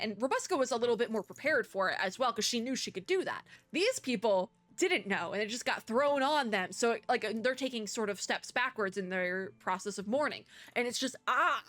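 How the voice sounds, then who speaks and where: A woman's voice: fairly high pitch, fairly bright tone, no echo. A young woman at home giving casual, reflective commentary on a game's story, chatty and full of filler words. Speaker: game content creator. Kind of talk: casual playthrough commentary, reading story aloud. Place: at home, indoors.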